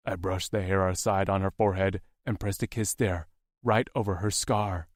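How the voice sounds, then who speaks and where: A man reads a romance audiobook in the first person with a calm, steady delivery. His voice sits on the low side. The recording is dry and close. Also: normal speed, no room sound. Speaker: audiobook narrator.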